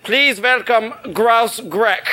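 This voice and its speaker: Dieter, a pompous German TV host. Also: male voice, very high voice, slow pace, over a noisy crowd, heavy background noise. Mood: deadpan pompous. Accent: put-on German. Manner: deadpan, clipped, pompous. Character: stiff, flamboyant adult male German TV host. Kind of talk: sketch comedy. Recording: TV clip with loud studio audience.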